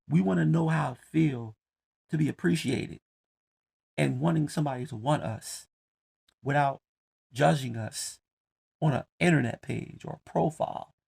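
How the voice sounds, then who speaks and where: A man's voice: fairly high pitch, creaky, darkish tone, husky. A man with ranting bluntly and heatedly, with lots of profanity. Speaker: commentator. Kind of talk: casual rant to camera.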